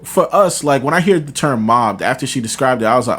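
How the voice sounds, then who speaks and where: A man's voice: mid-range voice, expressive, brisk, fairly bright tone. A man hosting a podcast, talking casually and confidently, telling stories with animation. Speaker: podcast host. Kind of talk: casual chat.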